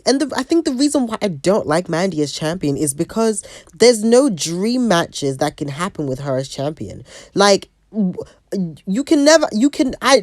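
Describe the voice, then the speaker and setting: A woman's voice: medium pitch, a little mellow, no echo, studio quality. A woman giving a casual, profane rant review with a sassy, blunt manner. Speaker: wrestling show reviewer.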